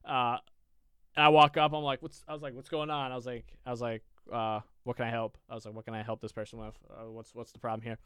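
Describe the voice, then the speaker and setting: Brief: male podcast co-host with a smooth, clear tone, casually swearing through work stories. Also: medium pitch, little pitch movement, quick pace, fairly bright tone, no echo, studio quality. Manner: rambling storyteller, swears a lot.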